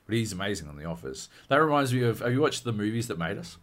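A man co-hosting a casual podcast, talking in a fairly low voice. He gets animated and swears freely, and he often breaks into laughter mid-sentence. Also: fast. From Australia. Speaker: podcast co-host. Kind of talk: casual chat.

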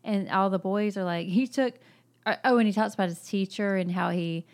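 A woman co-hosting a casual book discussion, talking in a thoughtful, measured way with occasional fillers. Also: mid-range voice. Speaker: podcast co-host.

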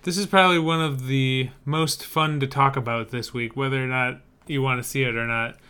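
Podcast co-host, male; bright, crisp voice; easygoing and opinionated. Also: medium pitch, fairly even intonation, fairly quick. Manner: opinionated, easygoing, with frequent fillers. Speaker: podcast co-host reviewing movie trailers. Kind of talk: casual chat.

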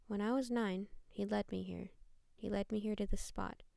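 A woman doing a gravelly, bitter teenage girl. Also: medium pitch, steady tone, moderate pace, warm tone, dry recording, studio quality. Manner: growling, bitter and blunt. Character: bitter, angry teenage girl who smokes.

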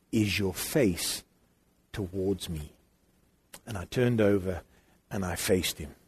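A middle-aged man preaching, telling a family story in an animated way that swings from loud emphasis to quiet, intimate moments. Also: on the low side, breathy edge. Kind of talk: sermon storytelling.

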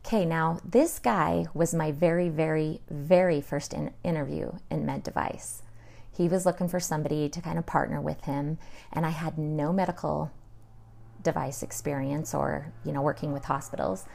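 Gravelly low-voiced woman telling her story. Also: fairly even intonation, normal speed, a little mellow. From Utah. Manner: chatty, acts out her own past dialogue, many fillers. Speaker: interview guest. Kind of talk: casual personal storytelling.

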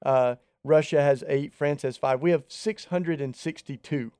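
A man's voice: fairly high pitch, moderate pace, mellow, clean tone, dry recording, studio quality. A man co-hosting a podcast, talking earnestly and conversationally in a casual faith discussion. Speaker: podcast co-host.

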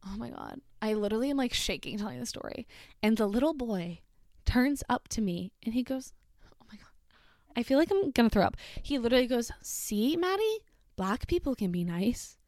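Chatty higher-voiced woman telling a story. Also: fairly quick, dry recording, studio quality. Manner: chatty, heavy filler "like", swears, animated retelling. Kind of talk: casual storytime chat.

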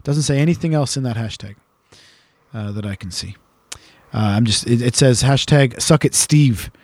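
A man's voice: mid-range voice, normal speed, a little mellow. A man co-hosting a podcast, reading listener messages aloud in a teasing, rambling way with lots of fillers. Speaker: podcast co-host.

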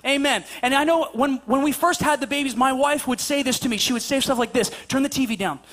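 A pastor preaches at a church service in a conversational way, repeating his points, restarting sentences with stammers, and acting out anecdotes. His voice is very high and fairly bright, and he talks a little fast.

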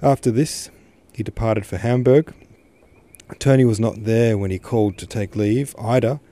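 A man reading a classic novel aloud as a podcast host, steady and unhurried. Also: lowish voice. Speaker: podcast host, literature reader. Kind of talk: audiobook narration.

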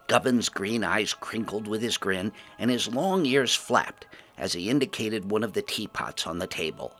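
Expressive male fantasy storyteller. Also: on the low side, moderate pace, few pauses, faint music behind. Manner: lively, expressive narration.

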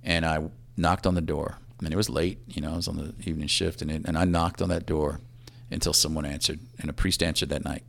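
A man in his fifties, a police assistant chief, telling a personal story in a halting, reflective way that often trails off quietly. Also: a bass voice, level tone, gravelly.

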